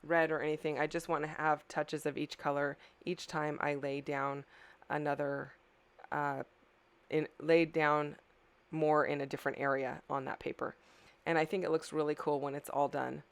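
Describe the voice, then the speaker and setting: A woman's voice: low voice, flat delivery, moderate pace, gravelly, clean tone. A middle-aged woman, tired, casually narrating her scrapbooking process as a craft channel host, rambling a little and correcting herself. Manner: rambling, self-correcting, apologetic.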